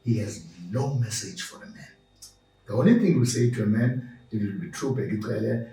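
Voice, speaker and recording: A man's voice: fairly low pitch, moderate pace, creaky, mellow, a little hiss or hum. A man speaking passionately as a podcast guest, emphatic and preaching, building his points through repeated lists. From South Africa. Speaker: podcast guest, movement founder. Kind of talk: passionate interview talk. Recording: roomy room, distant mic.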